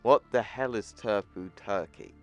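A man's voice: lowish voice, a little slow, a little mellow, faint music behind. A man voicing a mocking male farm worker who bullies a coworker, close to his own speaking voice. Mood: taunting.

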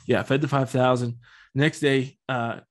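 Young male host, mid-pitched, slangy and jokey, casual Bible-study podcast talk. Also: fairly even intonation, unhurried. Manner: slangy, joking, loose and chatty.

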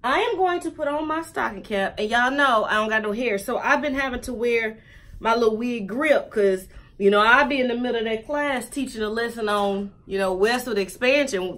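Woman, fairly high voice, chatty and joking, casual wig review vlog. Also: moderate pace, fairly bright tone. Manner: chatty, joking, talks straight to viewers.

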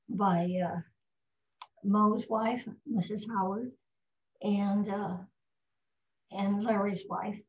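A spirited older woman from the United States, a voice actress, swaps anecdotes and puts on voices while guesting on a laid-back storytelling interview. Her pitch is medium, and the audio feels roomy and a little flat.

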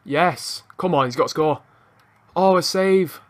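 Young guy yelling at his football game, kinda high voice, swears a lot, super excitable. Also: a little slow. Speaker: gaming channel host. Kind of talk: live gameplay commentary.

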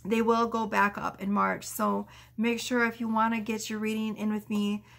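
A woman tarot reader talking gently and affectionately to her viewers, reading oracle card messages aloud slowly. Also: medium pitch, flat delivery, vocal fry.

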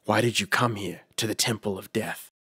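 A man voicing a stern, guarded temple keeper from ancient Britain, with a harsh, gruff and suspicious way of talking. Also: on the low side, normal speed, pushed and bright, dry recording, studio quality, full character voice. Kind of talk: audiobook character reading.

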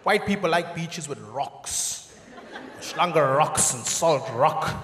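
Animated South African comedian in a big hall. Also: male voice, fairly high pitch, slow. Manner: animated, shouting punchlines. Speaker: stand-up comedian. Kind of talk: live stand-up comedy. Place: large theatre stage. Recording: echoey theatre hall with audience laughter.

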